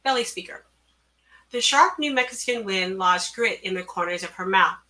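A woman author reading her own story aloud, measured and careful, at an online event through a computer mic. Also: mid-range voice, sharp tone. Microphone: computer mic on a video call.

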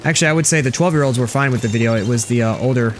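A man's voice: medium pitch, rapid-fire, soft background music. A young man streaming a video game, chatting casually and sarcastically with viewers as he plays. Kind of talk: casual gameplay commentary reading chat.

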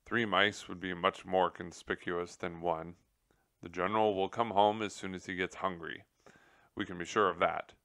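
A man reading aloud and voicing a placid, comfortable male mouse husband who speaks calmly and steadily. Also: deep voice, moderate pace, no room sound, clean studio sound. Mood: firm. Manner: calm and steady, mildly firm.

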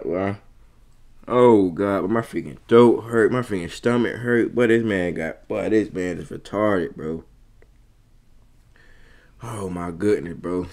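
A man's voice: deep voice, slow pace, long pauses. A man hosting a reaction video, casually commenting in exclamations and calling the listener bro. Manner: exclamatory, calls everyone bro, laughs throughout.

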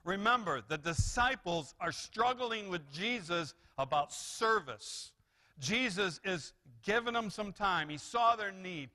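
Bright-voiced, animated male pastor preaching. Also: high voice, unhurried. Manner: animated preaching with rises and repeated restarts. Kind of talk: sermon. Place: church sanctuary.

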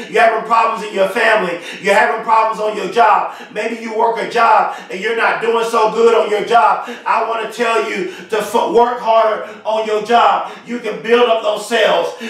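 A man with a high voice delivers a motivational speech, driving home short affirmations in emphatic, shouted bursts. His voice rings through heavy echo and sounds set back from the microphone. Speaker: motivational speaker. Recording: very echoey, far from the mic.

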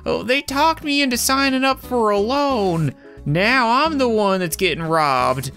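A man's voice: extremely high pitch, expressive, unhurried, sharp tone, pitched above the performer's own voice, heavily acted. A meek corn lady with a raised, plaintive voice, pleading with her landlord, as a man puts her on. She sounds put-upon and downtrodden. Faint music sits behind the game chatter. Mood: sheepish.

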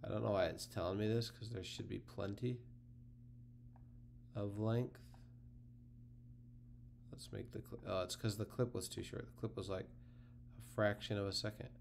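A man hosting a casual software tutorial, talking through the steps relaxed and thinking aloud as he clicks. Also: fairly low pitch, moderate pace, vocal fry, long pauses, a little hiss or hum. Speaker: tutorial host.

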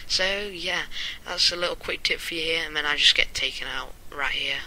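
A man's voice: fairly high pitch, moderate pace, pushed and bright, a little hiss or hum, poor audio. A man giving casual gameplay commentary, rambling through stories and chuckling as he talks.

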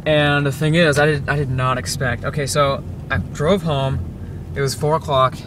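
A man's voice: a little high, little pitch movement, moderate pace, distant mic. A teenage boy rambling and venting in a casual video diary, filming himself in his parked car with many restarts. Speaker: vlogger. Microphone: handheld camera set on dashboard. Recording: car interior with outside noise. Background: car and traffic noise.

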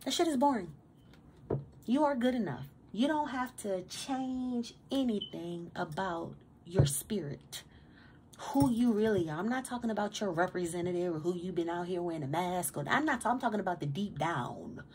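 A woman's voice: mid-range voice, expressive, moderate pace, a little mellow, a little hiss or hum. A woman giving a casual tarot reading to her viewers, emphatic and streetwise, swearing freely and stammering on repeated words in a motivational pep talk. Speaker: tarot reader.

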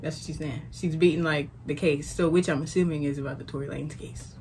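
A woman's voice: low voice, fairly even intonation, fast, dark tone, a little hiss or hum. A woman co-hosting a reaction video, chatting casually and explaining song lyrics with lots of "like". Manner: explains lyrics with many likes, laughs easily. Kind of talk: casual chat.

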